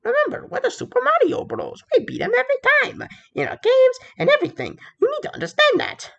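A woman voicing Mario as a cheerful, excitable plumber hero in a fan puppet skit, exclaiming his catchphrase often. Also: very high voice, fast, gravelly, lo-fi sound, pitched above the performer's own voice, exaggerated voice. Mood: boastful.

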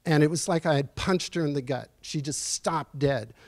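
A man in his sixties giving a personal storytelling lecture in a university auditorium, earnest and reflective, pausing as he speaks. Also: fairly high pitch, a little mellow, no echo. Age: 60s. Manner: earnest, reflective, halting with pauses. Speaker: guest speaker at a lecture series.

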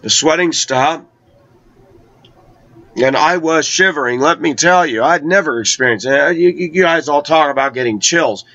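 A man telling a personal travel story in a conversational way, slowing down to draw out key words. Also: on the high side, sharp tone, dry recording. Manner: conversational, with slow, drawn-out emphasis. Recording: dull lo-fi recording.

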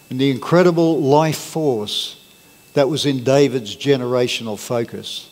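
A man preaching a sermon as pastor, earnest and plain-spoken, leaning on key words. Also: mid-range voice. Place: church hall. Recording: long reverb of a church hall.

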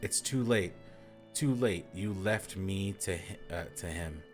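A man's voice: low voice, a little slow, soft background music. A man reading as an icy proud noblewoman. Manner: icy, clipped. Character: proud cold noblewoman, guarded.

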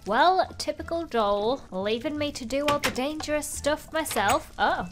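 A woman hosting a let's play, excitable and chatty with frequent gasps. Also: high-pitched, measured pace, few pauses. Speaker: gaming video host.

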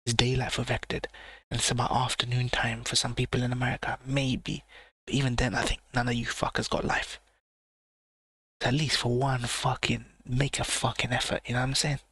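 A man hosting a late-night live-stream reaction in a hushed, low voice close to a sensitive mic, blunt and swearing as he rants. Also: level tone, brisk, breathy edge, no room sound. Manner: hushed low voice, not quite a whisper. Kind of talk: late-night livestream chat. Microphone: sensitive mic with gain turned up.

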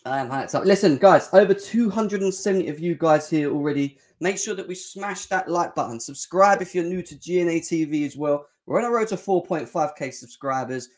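A young man hosting a live fan reaction show, excitable and slangy, often shouting and joking. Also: a little high, fairly quick, hardly any pauses. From England. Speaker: fan channel host.

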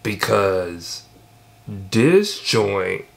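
A man giving excited, emphatic casual commentary while reacting to a song. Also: lowish voice, drawn-out words, gravelly. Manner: excited, emphatic, repeats himself. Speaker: music reaction vlogger.

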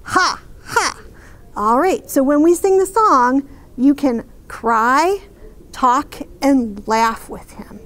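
Slow, high-voiced children's librarian. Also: female voice. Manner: gentle sing-song talk to a small child. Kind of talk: picture-book storytime reading.

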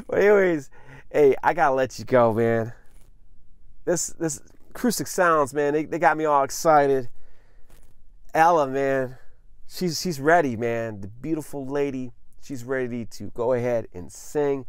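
Man, casual unboxing vlog, effusive and excited, middle pitch, dry close sound. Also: measured pace, smooth, no echo. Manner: enthusiastic, effusive, says "man" constantly. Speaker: vinyl unboxing vlogger.

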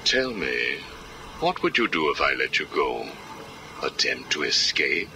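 Hugo Strange, a very deep, slow, menacing villain. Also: male voice, sing-song, background noise, heavily acted. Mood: menacing calm. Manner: slow, measured, coolly menacing interrogation. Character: cold calculating male villain psychiatrist, middle-aged. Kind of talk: video game cutscene acting. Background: background music.

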